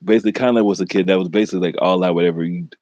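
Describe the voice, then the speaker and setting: A man co-hosting a casual talk podcast, halting and retelling everything with "I said". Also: deep voice, fairly even intonation, darkish tone, no room sound, muffled recording. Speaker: co-host. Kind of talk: casual chat.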